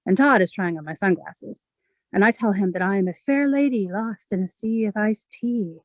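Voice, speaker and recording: A woman poet giving a measured, expressive reading of her own poems. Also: medium pitch, dry recording, poor audio. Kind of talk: poetry reading.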